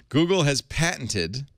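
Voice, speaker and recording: A man hosting a tech podcast, reading an ad and chatting in an animated, jokey way. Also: medium pitch, dry recording, clean studio sound. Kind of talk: casual panel chat and ad read.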